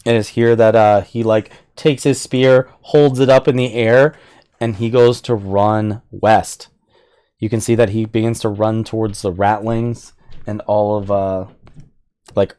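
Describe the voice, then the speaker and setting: A man's voice: on the low side, fairly even intonation, warm tone, smooth. A man narrating a tabletop game as game master, chuckling now and then. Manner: slow, unhurried narration with chuckles.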